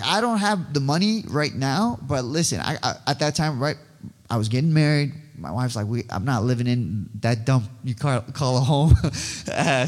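A man giving a rambling, excitable personal testimony as a guest speaker, often stumbling and restarting his words. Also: medium pitch. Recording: long hall reverb.

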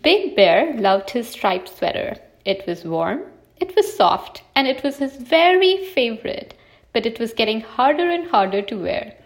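A woman reading a children's picture book aloud with expressive, animated delivery. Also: a little high, unhurried. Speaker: storyteller. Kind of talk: storybook read-aloud.

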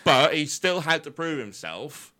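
A man, co-hosting a podcast in casual comedic chat, playful and bawdy as he pitches absurd ideas. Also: sing-song, unhurried, sharp tone. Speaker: podcast co-host.

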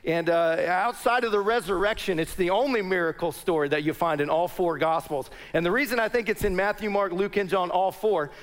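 High-pitched animated preacher man. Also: a little fast, hardly any pauses. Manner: animated storyteller addressing a congregation. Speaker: pastor. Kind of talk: sermon with personal storytelling.

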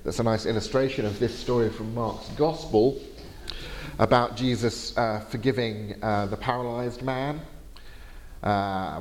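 A man's voice: mid-range voice, steady tone, unhurried. Guy giving a lecture, lots of uhs, long reverb from the hall. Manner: explanatory, frequent hesitations. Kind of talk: university lecture.

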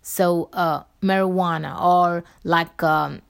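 A woman's voice: lowish voice, fairly even intonation, takes it slowly, creaky, clear, resonant tone. Rambling woman vlogger, casual chat. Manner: rambling, many fillers and restarts, playful.

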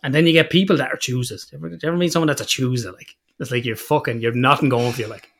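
A man's voice: medium pitch, racing, slight background noise. Irish man telling stories with sweary humour. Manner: swears freely, tells stories with lively quoted voices, laughs often. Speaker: podcast host. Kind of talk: casual chat.

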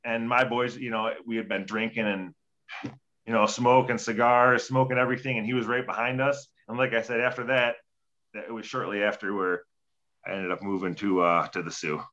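A man's voice: on the low side, a little fast. A man telling rowdy stories in casual chat as a guest, swearing freely and acting out quotes. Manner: profane, animated storytelling with acted-out quotes. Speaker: guest, former hockey player. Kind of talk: casual storytelling. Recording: dull lo-fi audio.

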